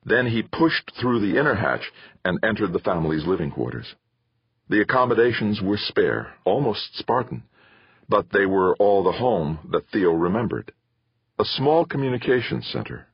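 Brief: deep-voiced male narrator, husky, dull recording with no room sound. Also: very animated, normal speed, no room sound. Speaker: audiobook narrator. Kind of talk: scripted narration.

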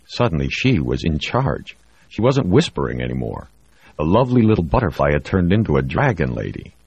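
Very deep, husky male narrator. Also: sing-song, fairly quick, a little mellow, dry recording, muffled recording. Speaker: audiobook narrator. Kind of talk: scripted narration.

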